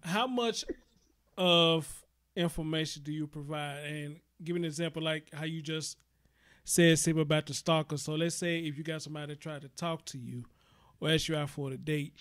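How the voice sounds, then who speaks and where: A man's voice: a little high, fairly even intonation, moderate pace, a bit bright, no echo, studio quality. A man hosting a casual talk show, giving frank opinions in a preachy, conversational way. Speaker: host.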